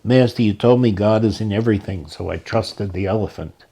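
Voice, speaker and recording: A man's voice: lowish voice, fairly quick, dark tone, husky. A man voicing a naive, earnest male traveler in a spoken story, sounding aggrieved and sincere.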